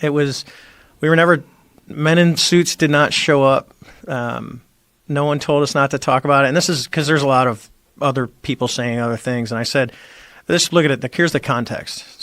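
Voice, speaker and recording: A man's voice: mid-range voice, fairly bright tone, no room sound. A middle-aged man, a former Navy squadron commander, telling his story as a podcast guest and acting out the voices he quotes. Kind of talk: casual storytelling interview. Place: podcast studio.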